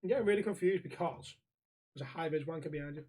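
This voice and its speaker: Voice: medium pitch, quick pace, mellow, husky. Podcast co-host, casual and blunt, swears freely, tells anecdotes with quotes. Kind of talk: casual ranting chat.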